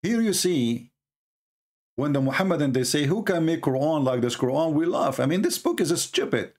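In a fairly high, expressive voice with a darkish tone and normal speed, a livestream host ridicules religious debate. He sounds scornful and uses non-native English grammar.

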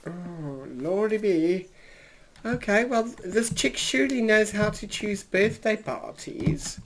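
A drag queen, a man, giving camp, theatrical gameplay commentary from a trailer, calling everyone darling, his voice turning slightly husky. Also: high-pitched, slow pace, fairly bright tone, slight background noise. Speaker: drag queen gaming streamer.

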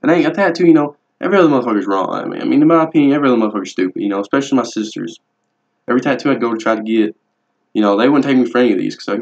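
A young adult man vlogs casually about his tattoos, talking fast in a medium-pitched, expressive voice. He rambles, swears bluntly, and stays laid-back throughout. The home-video audio is dull and lo-fi.

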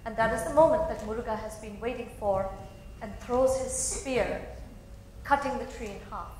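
A woman's voice: on the high side, normal speed, darkish tone, a little hiss or hum. A woman narrating a story expressively, in a dramatic storytelling style. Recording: very echoey hall.

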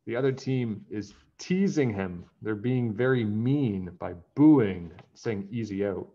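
A man reading a children's picture book aloud in an animated storytelling way. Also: on the low side, slow, dull audio.

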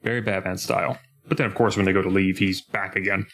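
Lowish young man chatting on a podcast. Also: fast, vocal fry. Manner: animated, breaks into mock voices when retelling scenes. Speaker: podcast co-host. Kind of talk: casual chat.

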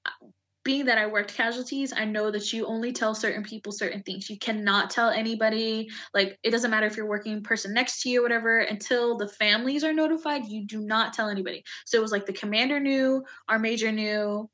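A woman's voice: fairly high pitch, steady tone, a little fast, bright, forceful tone. A woman Army veteran in an interview, telling a painful personal story candidly, with many fillers. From United States.

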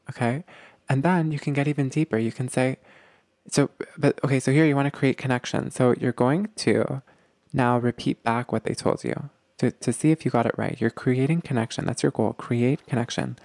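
A man giving relationship advice in a gentle, explanatory way, often checking in with his listeners. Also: medium pitch, steady tone, moderate pace, vocal fry, no echo. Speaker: relationship coach.

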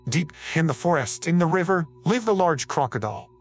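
A man's AI-cloned voice giving deadpan scripted storybook narration full of crude jokes. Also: fairly high pitch, fairly quick, soft background music.

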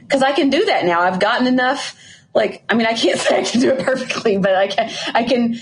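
A woman's voice: medium pitch, expressive, a little fast, slight background noise. Frank, self-deprecating woman podcast co-host. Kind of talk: casual podcast chat.

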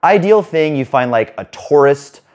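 Fast-talking man coaching on dating. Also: a little high, lively intonation, a little mellow, dull audio. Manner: rapid, rambling, casual with profanity. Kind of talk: fast-talking monologue to camera.

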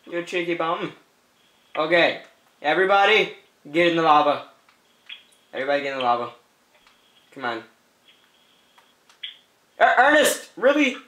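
A man's voice: on the high side, big pitch swings, normal speed, pauses often, sharp tone, reverberant. A man giving playful let's-play commentary, teasing the other players and often breaking into laughter with goofy repeated calls. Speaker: gameplay commentator.

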